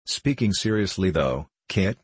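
A man's voice: low-pitched, big pitch swings, a little slow, breathy edge, no echo, full character voice. A man voicing a fond, fretful working-class mother in a storybook reading. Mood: teasing.

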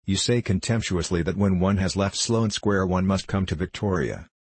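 Man reading a young male poet, impassioned, declamatory, deep voice, dry sound. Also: moderate pace, breathy edge, dry recording. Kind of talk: audiobook character reading.

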